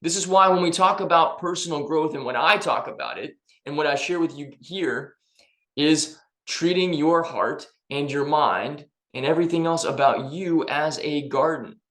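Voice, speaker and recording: A man's voice: fairly high pitch, normal speed, a bit bright. Upbeat motivational man, echoey room. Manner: upbeat, emphatic, conversational. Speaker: personal development vlogger. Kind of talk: motivational talk to camera.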